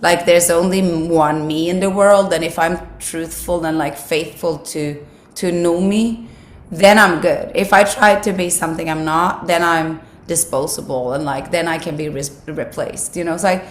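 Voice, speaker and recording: A woman with a raspy, husky, slightly broken voice, speaking English as a second language in a casual interview, reflective and full of "like" fillers. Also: lowish voice, fairly even intonation, moderate pace. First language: not English. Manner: reflective, many "like" fillers, restarts. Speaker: actress, interview guest. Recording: roomy sound with faint background ambience.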